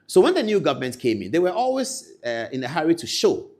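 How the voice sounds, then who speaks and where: A Ghanaian man giving animated political commentary, swinging between loud outbursts and quiet asides. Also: a little high, fast talker.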